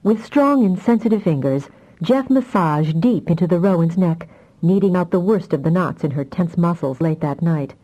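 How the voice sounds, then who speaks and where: A woman reading a fantasy audiobook aloud in a measured, even storytelling manner. Her voice sits low, with a dark, mellow timbre. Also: highs cut off. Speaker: audiobook narrator. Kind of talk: scripted audiobook narration.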